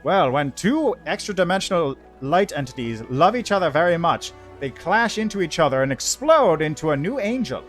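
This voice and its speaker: A man's voice: fairly high pitch, sing-song, moderate pace, few pauses, faint music behind. A man streaming a game live, making joking, self-mocking asides between dialogue lines. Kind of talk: casual live-stream commentary.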